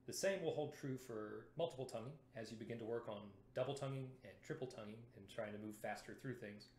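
A man teaching brass playing in a lesson video, explaining clearly and methodically while sounding out syllables to demonstrate. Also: mid-range voice, fast talker, hardly any pauses, a little mellow, echoey room, slight background noise.

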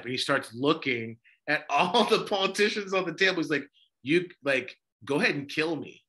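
A man's voice: fairly high pitch, expressive, normal speed, pushed and bright. A man who is a priest, hosting a podcast discussion and speaking with passion through many rhetorical questions. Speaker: Orthodox priest and podcast host.

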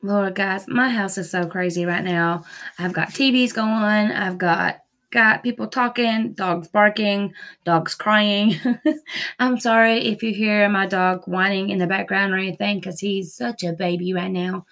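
A woman's voice: mid-range voice, fairly even intonation, unhurried, a bit bright. A woman vlogging a nail-product haul from home, gushing and repeating herself with casual fillers. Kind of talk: casual haul video chat. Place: busy home with TVs and dogs.

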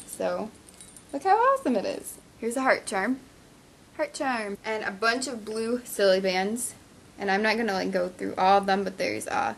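A teenage girl vlogging as she unboxes fan mail, chatty and easily excited. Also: medium pitch, a little hiss or hum. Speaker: craft vlogger.

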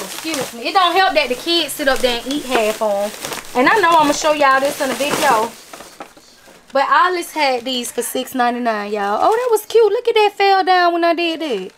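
A woman's voice: sits high, fairly bright tone, a little hiss or hum. A woman, chatting casually to her viewers about a craft and gift-basket haul, emphatic and talkative. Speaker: vlogger showing a craft haul. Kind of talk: casual chat to camera.

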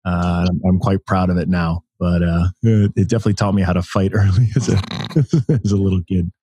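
An American man in his thirties, a podcast guest telling stories in an animated way, laughing often and restarting his sentences. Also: sits low, a little fast, slightly rough. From United States. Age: 30s. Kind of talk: casual interview conversation.

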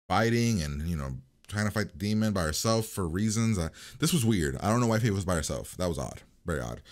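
A young man, host of a reaction channel, recapping a TV episode in an animated, casual way, swearing and laughing as he goes. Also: fairly low pitch.

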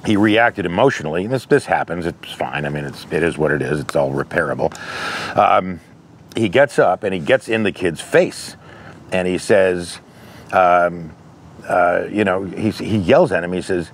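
Casting note: low-voiced man, candid and conversational, telling stories from his work, with faint noise in the background. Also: animated, normal speed. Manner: candid, conversational, storytelling with anecdotes. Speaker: interventionist. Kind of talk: advice monologue.

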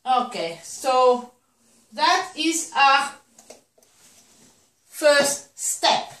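A woman's voice: sits high, expressive, extremely slow, a bit bright. A woman chatting through a puppy feeding demonstration, cheering and coaxing the puppies as she goes. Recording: echoey room, mic at a distance.

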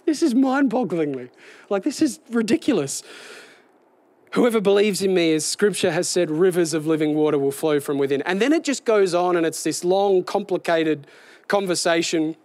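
A man preaching a sermon outdoors, animated and building to a raised, excited delivery. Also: high voice, moderate pace, dry recording. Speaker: pastor.

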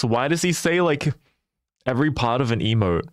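A man's voice: mid-range voice, lively intonation, moderate pace, no echo, studio quality. A man chatting casually with his viewers as a livestreamer, playful and teasing, often laughing.

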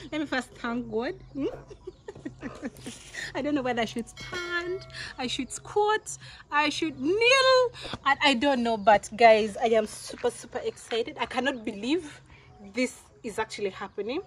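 A young woman, vlogging in an excited, emotional way, often laughing and talking straight to her viewers. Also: on the high side. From Uganda. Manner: emotional, giggly, talks directly to viewers. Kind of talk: excited casual vlog to viewers.

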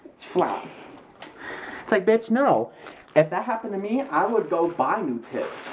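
A young woman vlogging with friends, excitable and swearing a lot. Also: mid-range voice, normal speed, slight background noise, poor audio. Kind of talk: casual vlog chat. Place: indoors with friends.

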